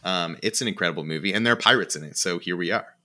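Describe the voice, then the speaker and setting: A man's voice: low voice, very fast, sharp tone. A man co-hosting a podcast who gushes effusively about movies in casual chat. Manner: gushing and effusive. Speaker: podcast co-host.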